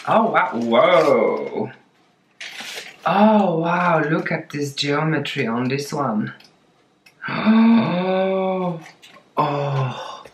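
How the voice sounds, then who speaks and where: A woman unboxes plants in an echoey room, talking very slowly and drawing out her words. Her low-ish voice swings widely in pitch as she gushes and exclaims over each one. Steady background noise sits under the recording. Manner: gushing, exclamatory, slow and drawn-out. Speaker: plant vlogger unboxing gifts. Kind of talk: casual unboxing vlog.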